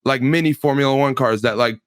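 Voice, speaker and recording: A man's voice: medium pitch, a little fast, smooth, no room sound, clean studio sound. A man in his twenties, a pro fighter, telling a story in casual chat on a podcast, laid-back and full of slang and filler words.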